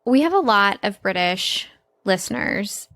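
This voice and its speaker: A woman co-hosting a podcast who talks in a chatty, upbeat way and is keen to share fun facts. Her voice sits at a middling pitch. The recording is dry and close. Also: expressive, measured pace, a bit bright, no echo. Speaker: podcast co-host. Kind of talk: casual chat.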